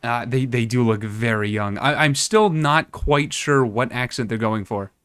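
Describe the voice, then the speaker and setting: A man's voice: medium pitch, a little slow, a bit bright, clear, resonant tone, dry recording. A man streaming a game as a VTuber, chatting casually with a hesitant, musing delivery full of restarts. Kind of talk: casual let's-play commentary.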